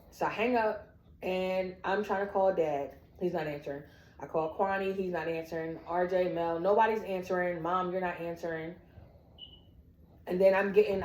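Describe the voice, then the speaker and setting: A woman's voice: fairly low pitch, normal speed. A woman telling her own family story, acting out the quoted dialogue as she goes. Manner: animated, acts out quoted dialogue. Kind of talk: personal storytelling. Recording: echoey room.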